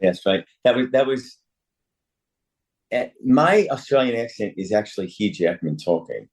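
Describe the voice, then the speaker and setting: A man in his sixties, an actor speaking as a guest over a video call, animated and often correcting himself with laughs. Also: fairly low pitch, moderate pace. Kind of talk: remote interview.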